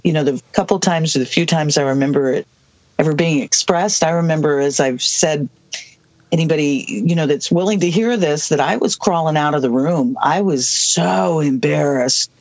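Older guest from the Southwest, rambling and halting, dry dull lo-fi sound. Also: medium pitch, no echo. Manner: halting, many restarts and asides. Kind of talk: rambling personal storytelling.

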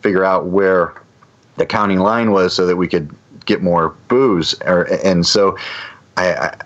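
A man's voice: low-pitched, steady tone, a little slow, fairly bright tone, dull audio. A man casually telling a long anecdote, rambling with frequent restarts and fillers. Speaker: guest storyteller.

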